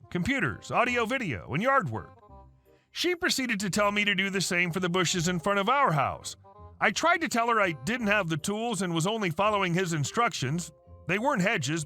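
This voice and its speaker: A man narrating reddit stories in a brisk, animated reading style. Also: high voice. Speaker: story narrator.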